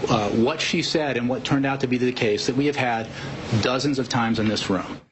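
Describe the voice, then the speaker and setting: A man answering a reporter at a press briefing in a measured, dismissive way. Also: mid-range voice, background noise. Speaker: government spokesman at briefing.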